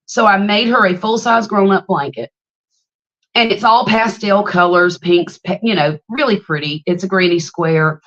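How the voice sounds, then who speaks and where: A woman in her late fifties hosts a relaxed livestream chat, telling long stories and calling out viewers by name. Her voice sits a little low for a woman. The stream audio is slightly muffled and lo-fi. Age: 50s. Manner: chatty and storytelling, greets viewers by name, laughs often. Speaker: livestream host.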